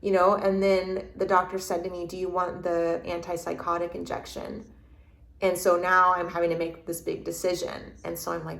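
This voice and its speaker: A woman with a lowish voice recounts a personal experience as an interview guest. She halts and restarts often while searching for words. The room around her sounds echoey. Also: level tone, normal speed, gravelly, fairly bright tone. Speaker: podcast guest. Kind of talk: reflective interview storytelling. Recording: roomy echo.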